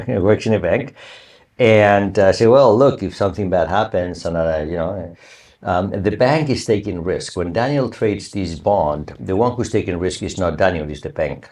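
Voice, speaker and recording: A low-pitched, expressive and slightly mellow male voice delivers an unhurried university lecture, online or recorded. He keeps it conversational, frequently seeking the class's confirmation that they understand.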